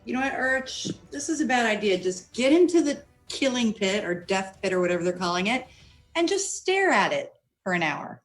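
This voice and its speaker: A woman's voice: fairly high pitch, very animated, moderate pace, soft background music. A woman playing a tabletop game, joking and sarcastic with the group. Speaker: player. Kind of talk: casual game chat.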